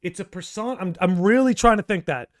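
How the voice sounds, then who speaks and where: A young man with a notably high voice hosts a casual livestream. He talks in a chatty, excitable way, thinking aloud and restarting his sentences as ideas come. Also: a little fast. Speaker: podcast and livestream host.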